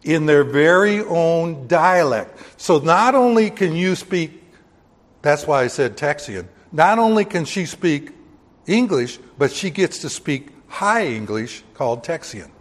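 A man's voice: fairly high pitch, expressive, measured pace. A man preaching a sermon in a folksy, joking way, with sudden bursts of emphasis. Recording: long hall reverb.

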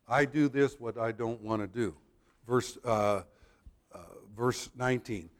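Male Bible teacher, mid-pitched, explanatory sermon delivery, halting asides. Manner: explanatory, with frequent restarts and asides.

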